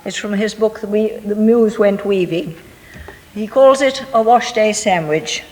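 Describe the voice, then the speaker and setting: A reader introducing and then reading a dialect poem in a measured, deliberate way. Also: mid-range voice, a little mellow. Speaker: poetry reader. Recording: echoey hall.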